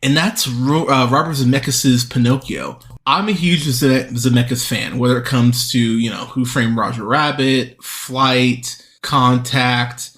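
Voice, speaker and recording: A man's voice: medium pitch, a little slow, hardly any pauses, fairly bright tone. A man hosting a movie podcast, ranting profanely and with exasperation about bad films, often restarting his sentences. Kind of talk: solo movie review rant.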